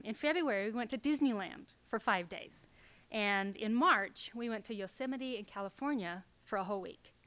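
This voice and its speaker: A middle-aged woman telling a personal story to an audience, halting and filler-heavy, sometimes dropping to a near whisper. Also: on the high side, a bit bright.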